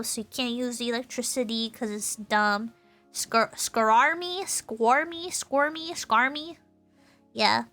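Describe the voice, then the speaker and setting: A woman's voice: fairly high pitch, bright, forceful tone. A tipsy woman streamer rambling through a casual explanation, giggly and loose, often correcting herself mid-sentence. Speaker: VTuber streamer.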